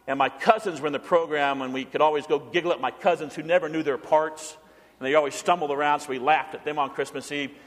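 A man preaching a sermon as pastor, animated, asking his congregation questions and getting them to answer. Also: fairly high pitch, big-room sound. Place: church sanctuary.

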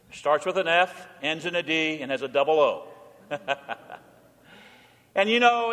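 High, bright-voiced pastor preaching in a reverberant church. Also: male voice. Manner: jovial, teasing preacher with rhythmic emphasis. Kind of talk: sermon. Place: church sanctuary.

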